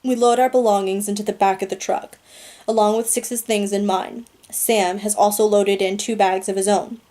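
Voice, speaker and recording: A woman reading a novel aloud in a steady, earnest storytelling manner. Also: mid-range voice, normal speed. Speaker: audiobook reader.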